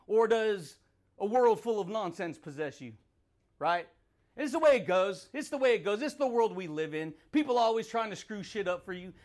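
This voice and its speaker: Podcast host, male, high pitch, rambling motivational riff with laughs and catchphrases. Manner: rambling, laughs between points, swears; repeats catchphrases and calls listeners dude and baby. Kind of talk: motivational monologue.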